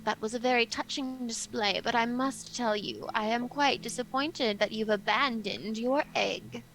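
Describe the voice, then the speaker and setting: A woman's voice: on the high side, normal speed, a bit bright, a little hiss or hum, rough recording. Woman doing a smug, drawling cat creature. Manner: formal, drawling and condescending.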